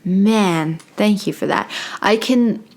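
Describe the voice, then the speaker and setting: A woman's voice: mid-range voice, takes it slowly, darkish tone. A woman hosting a spiritual talk, speaking unhurriedly into a close microphone and passing on channeled guidance, with playful self-mocking asides. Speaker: meditation and spiritual channeling host. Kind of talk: slow reflective spiritual talk with channeled passages.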